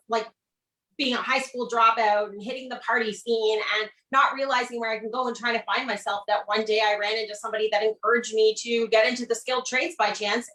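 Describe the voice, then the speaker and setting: A woman's voice: fairly high pitch, fairly bright tone. A woman ironworker who is a guest on a video-call interview, talking enthusiastically and laughing often. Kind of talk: casual interview over video. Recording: roomy echo.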